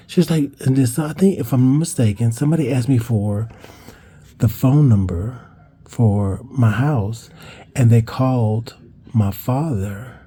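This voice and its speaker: Dark-voiced man telling a story. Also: moderate pace, husky. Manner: rambling, with restarts and cursing; acts out quoted voices higher in pitch. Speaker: vlogger telling a childhood story. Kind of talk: casual storytelling.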